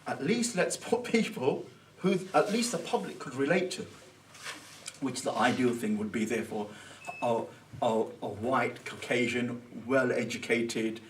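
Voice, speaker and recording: A man giving an informal Islamic Sunday talk, conversational and thinking out loud, with Arabic phrases mixed in. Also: medium pitch, lively intonation, measured pace, recorded from a distance, slight background noise. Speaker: Islamic teacher. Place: Islamic centre hall.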